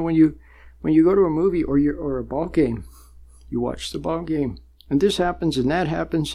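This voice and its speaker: Gravelly man teaching meditation. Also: fairly high pitch, mellow. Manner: conversational, repetitive, chuckles often. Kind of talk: spoken teaching on a program.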